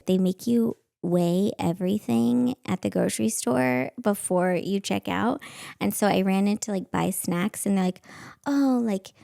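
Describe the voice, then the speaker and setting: A woman telling comic stories on a podcast, acting out every voice and laughing as she goes. Her voice has a slightly gravelly, fry-touched edge, and it sounds dry and close to the mic. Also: mid-range voice, a little slow, no room sound. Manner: animated, acts out voices, laughs often. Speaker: podcast host and stand-up comic. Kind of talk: casual comedic storytelling.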